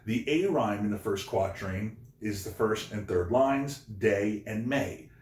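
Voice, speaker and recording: A male teacher giving a recorded remote lesson, explaining slowly and repeating the key points. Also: fairly low pitch, expressive, darkish tone. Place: home room, no classroom. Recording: echoey room.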